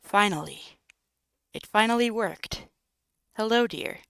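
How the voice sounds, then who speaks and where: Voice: medium pitch, takes it slowly, creaky, clean tone, no room sound. Voice actor doing an eager, doting old witch. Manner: fussy, doting, excitable. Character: eager tired old witch woman, short, kindly. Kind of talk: reading a text game aloud.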